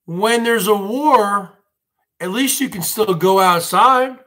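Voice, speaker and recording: A livestream host rambles through a ranting monologue, his voice high, bright, and a little tense. He speaks slowly, dragging out his phrases, repeating himself, and calling his viewers folks.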